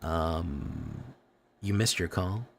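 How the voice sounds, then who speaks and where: A young man with a fairly low voice hosts a casual live stream of a card game. He jokes, hypes up his plays and chats straight to his viewers. A faint hum of noise sits behind him. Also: very slow, gravelly. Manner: excitable, joking, talks to chat.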